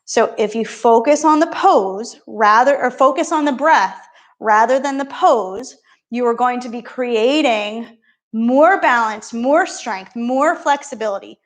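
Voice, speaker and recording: A woman's voice: fairly high pitch, a little slow. A woman yoga instructor talking a beginner class through poses and breathing, with encouraging, playful step-by-step cues.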